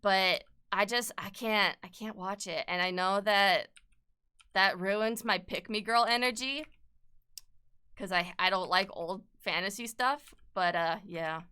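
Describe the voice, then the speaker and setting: A young woman chatting casually on a livestream while she sketches, swearing freely with sudden bursts of excitement. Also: mid-range voice, unhurried, smooth. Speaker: streamer and artist.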